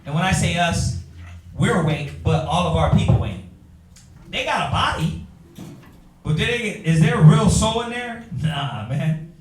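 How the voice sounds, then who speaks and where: Man, Bible class teacher, preaching, rhetorical questions, high voice, echoey room, far from the mic. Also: animated, a little slow, pauses often, soft background music. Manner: fires rhetorical questions, calls on readers.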